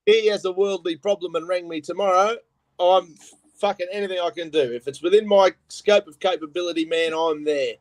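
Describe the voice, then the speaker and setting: A man with an Australian accent and a fairly high voice spins profane, rough-edged stories in casual chat. The sound is dry and close, with no room around it. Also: fairly even intonation, brisk, no room sound.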